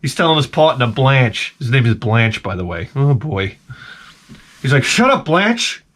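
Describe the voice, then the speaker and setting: A man's voice: mid-range voice, lively intonation, moderate pace. A man rambling through a comic monologue to camera, jumping between tangents and restarting his sentences. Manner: tangent-prone rant, frequent stammered restarts. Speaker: vlogger.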